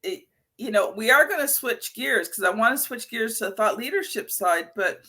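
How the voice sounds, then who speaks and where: A woman's voice: on the high side, expressive, normal speed, pushed and bright, husky. A middle-aged woman hosting a podcast interview, chatty and anecdotal with many fillers. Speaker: podcast host. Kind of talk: conversational interview.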